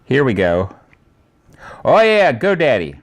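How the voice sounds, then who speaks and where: Lively, slow-talking male tech host. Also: medium pitch. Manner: rambling, chatty asides. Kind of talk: casual tech news monologue.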